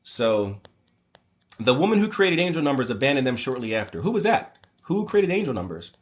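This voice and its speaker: A young man talks off the cuff on a livestream, reading viewer comments aloud and answering them. His voice sits at an ordinary pitch, and he rambles, stops to restart sentences, and gets worked up when he disagrees. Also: sing-song, brisk. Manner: rambling and opinionated, with frequent fillers and restarts; mocking voices when paraphrasing others. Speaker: livestream host.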